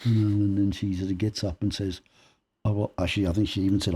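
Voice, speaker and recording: Speaking quickly in a slightly rough voice on the low side, this Australian podcast guest tells stories from his life. He's an animated storyteller who performs the quoted dialogue in conversation.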